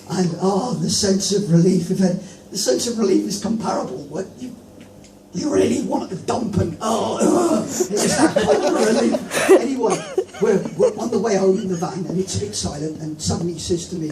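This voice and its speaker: An English man doing rambling, animated open-mic stand-up storytelling. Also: high-pitched, moderate pace, a little hiss or hum. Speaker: stand-up comedian. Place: comedy club. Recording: echoey club from a distant mic with music.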